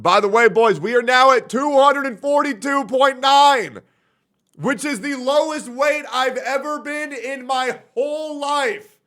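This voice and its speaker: Young male streamer, brash and rambling, a bit high-pitched. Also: a bit bright. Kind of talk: casual stream chat.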